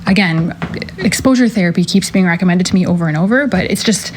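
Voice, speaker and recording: A woman's voice: on the low side, fast, slight background noise. Hesitant woman asking a question. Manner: hesitant, many fillers. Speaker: listener with a recorded question. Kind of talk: recorded voice question.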